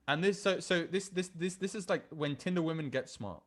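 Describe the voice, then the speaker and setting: A man's voice: a little high, fairly quick. A young man, a dating coach, reading out dating app messages in a casual, rambling way with many restarts. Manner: reads dating app chats aloud, laughs, many restarts.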